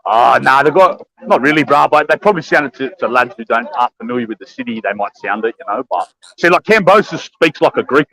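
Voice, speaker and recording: A man's voice: mid-range voice, lively intonation, vocal fry, sharp tone, low-quality recording. An Australian man with an Australian accent, chatting casually as a guest on a livestream and peppering his talk with lad and bro. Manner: rapid, laid-back, full of lad and bro. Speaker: guest caller. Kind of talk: casual chat.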